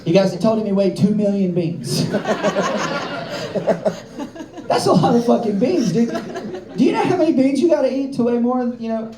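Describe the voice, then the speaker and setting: A man's voice: very high voice, expressive, a little fast, a crowd in the background. A young man from the American South doing a stand-up comedy set with a loose, rambling delivery full of filler words. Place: comedy club stage with live audience. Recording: roomy club with audience laughter.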